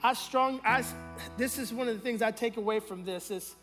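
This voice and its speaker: A man preaching a sermon as pastor, drawing call-and-response from the congregation and swinging between hushed and loud slow phrases. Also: extremely high pitch, music in the background.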